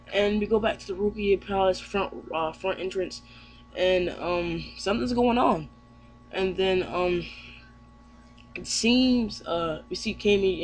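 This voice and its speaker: A man recapping a manga chapter in a casual, rambling way, full of fillers. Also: high-pitched. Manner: rambling, with lots of fillers and restarts. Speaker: anime reviewer.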